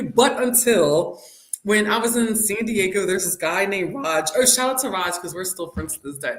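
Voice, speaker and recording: A woman with a medium-pitched voice and normal pace co-hosts a casual chat show, telling animated stories punctuated by frequent giggles. The recording has a roomy echo.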